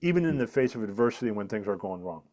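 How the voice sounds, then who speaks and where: A man's voice: lowish voice, big pitch swings, quick pace, a little mellow. A middle-aged man, an author and speaker, earnestly explaining a method in a podcast interview, repeating his key points for emphasis. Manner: earnest, emphatic teaching tone with repetitions.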